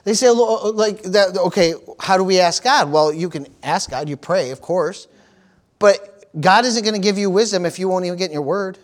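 A pastor with a notably high voice delivers a sermon to his congregation. He works in call-and-response, tossing out amens and praise-the-Lords and hammering his points by repeating phrases. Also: normal speed.

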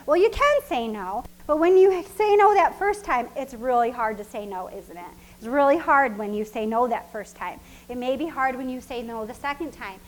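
A woman's voice: high voice, expressive, normal speed, few pauses, low-quality recording. A woman preaching a sermon in a casual, conversational way that repeats its points and breaks into laughter. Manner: conversational and repetitive, with frequent laughs.

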